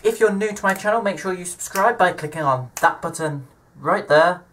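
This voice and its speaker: A man's voice: high-pitched, moderate pace, a bit bright, a little hiss or hum. A man hosting a casual vlog, talking in a jokey, chatty way. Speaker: vlogger.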